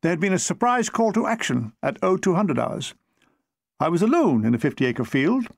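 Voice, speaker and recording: A man reading his own comic war memoir in a dry, deadpan way. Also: high-pitched, normal speed, gravelly, dry recording.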